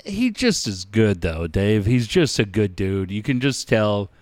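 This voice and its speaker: A man's voice: fairly low pitch, very animated, a little slow, darkish tone, dry recording. A man in casual podcast chat as co-host, speaking earnestly and reflectively.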